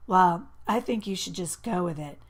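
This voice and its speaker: A woman reading an audiobook, voicing a sleepy, teasing teenage girl with a raspy voice. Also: fairly low pitch, normal speed.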